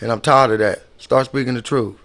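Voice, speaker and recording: A man's voice: mid-range voice, fairly even intonation, brisk, a bit bright. A man giving casual ranting commentary on videos, emphatic and slangy, often repeating and restarting his words.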